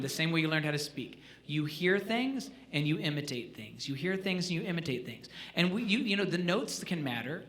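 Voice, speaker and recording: A man leading a live jazz clinic for students, animated and joking, often asking the audience questions. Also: a little high. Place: school auditorium.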